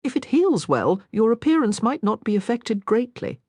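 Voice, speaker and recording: Brief: woman playing a polite, curious young lady writer, lively lilting voice, dry sound. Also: a little high, moderate pace, slightly rough, no echo, pitched above the performer's own voice. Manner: polite, eager.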